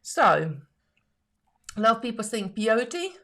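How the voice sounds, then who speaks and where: A woman's voice: on the high side, sing-song, takes it slowly, fairly bright tone. A woman hosting a live jewellery-making stream, chatting casually, reading viewer comments aloud and laughing often.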